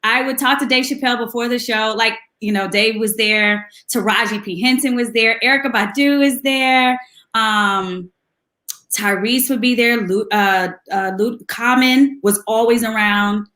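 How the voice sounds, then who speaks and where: A woman guest telling lively anecdotes in a casual chat, laughing often and mimicking voices. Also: a little high, unhurried, roomy sound. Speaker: guest musician.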